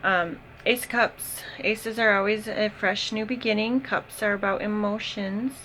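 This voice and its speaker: A woman giving a casual tarot reading, unhurried and thinking aloud with frequent pauses and ums. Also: medium pitch, steady tone, pushed and bright, slight background noise, rough recording. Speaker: tarot reader.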